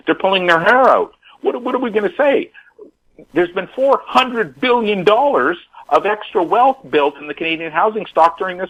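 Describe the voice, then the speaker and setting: A man's voice: medium pitch, a bit bright, low-quality recording. A man giving an emphatic, repetitive commentary in a radio talk interview, often calling his listeners "folks.". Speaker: housing market commentator.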